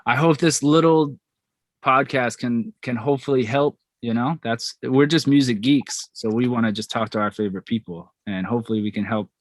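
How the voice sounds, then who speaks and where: A man hosting a music podcast in a relaxed, upbeat way. His voice sits at an average pitch and sounds dry and close, with no room echo. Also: moderate pace. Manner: upbeat, friendly, chatty questions. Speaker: podcast host. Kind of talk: casual podcast interview.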